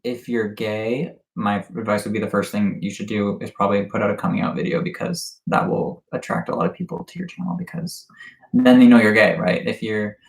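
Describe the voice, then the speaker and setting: A young man from Canada chats his way through a livestream Q&A, rambling loosely with many fillers and frequent laughter. His voice has a gravelly, fry-tinged edge. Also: on the low side, brisk, roomy sound, low-quality recording. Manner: chatty, laughs often, lots of fillers. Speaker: YouTuber hosting a livestream. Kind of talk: casual livestream Q&A chat.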